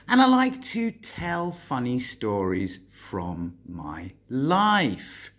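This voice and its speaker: A British man casually telling a funny story from his youth while his head is shaved, relaxed and swearing freely. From Britain. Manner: slow, laid-back, swears freely; puts on a high voice when quoting others. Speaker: host.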